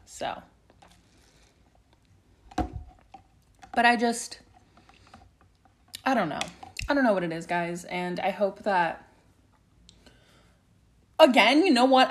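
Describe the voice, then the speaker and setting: A young woman hosts her own podcast alone, chatting candidly and a little aimlessly. She drifts from thought to thought, swears casually, and sounds open and unfiltered. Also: on the low side. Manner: rambling, frank, swears freely. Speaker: podcast host. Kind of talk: candid solo podcast chat.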